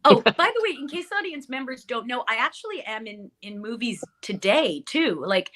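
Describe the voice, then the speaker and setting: Middle-aged woman, bright voice, chatty interview guest, fillers and self-corrections. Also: a little high, animated, normal speed. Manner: chatty, many fillers and restarts. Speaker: actress guest. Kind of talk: casual interview chat.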